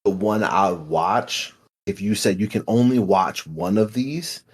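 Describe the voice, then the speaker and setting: A man's voice: on the low side, a little slow, husky. A man on a movie podcast giving emphatic, opinionated takes. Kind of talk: casual movie-discussion chat.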